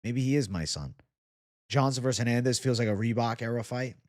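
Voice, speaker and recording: A livestream host reads chat comments aloud and jokes around in a laid-back way, swearing casually. His voice is medium-pitched and fairly quick.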